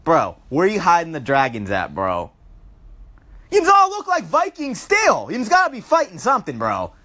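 A young man ranting in a profane comedic vlog, loud and riled up, swearing and tacking on "bro" at the end of his lines. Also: on the high side, wildly swooping pitch, normal speed. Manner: riled up, climbing into yelling at peaks.

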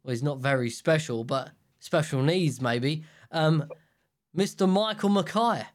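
Young man, podcast host, casual rambling chat, jokey, slightly high voice. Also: unhurried. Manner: rambling, jokey, many fillers and restarts.

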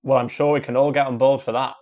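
A man as an awkward, hesitant post-match interviewer in a comedy sketch. His voice sits at an ordinary pitch, and the recording is slightly muffled. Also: level tone, fast talker, a little mellow. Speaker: sports interviewer.

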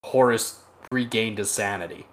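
A man's voice: fairly low pitch, normal speed. Man casually retelling lore, swearing freely. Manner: profane, laughing storyteller. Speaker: podcast co-host. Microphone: remote call microphone.

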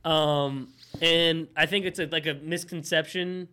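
A man's voice: on the high side, fairly even intonation, a little slow, sharp tone. A young man co-hosting a podcast, bantering loosely and swearing as he chats with his friend. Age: young adult. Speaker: podcast co-host. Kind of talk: casual chat.

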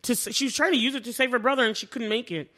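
A woman co-hosting a podcast in relaxed conversation. She talks in an animated way and leaps up in pitch whenever she acts out what someone said. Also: rapid-fire. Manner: animated, acts out quotes with big pitch jumps. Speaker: podcast co-host. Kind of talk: casual chat.

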